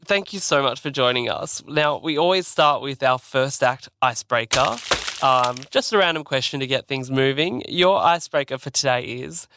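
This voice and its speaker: A man's voice: fairly high pitch, pushed and bright, clean tone, no echo, clean studio sound. A man co-hosting a podcast, asking questions in a friendly, upbeat way. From Australia. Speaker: podcast co-host. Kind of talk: casual interview hosting.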